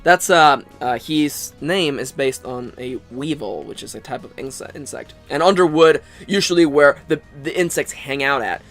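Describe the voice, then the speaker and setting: A man's voice: medium pitch, moderate pace, hardly any pauses, a bit bright, faint music behind. A man hosting a casual let's play, rambling and sarcastic, swearing and tripping over his words. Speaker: gaming channel host.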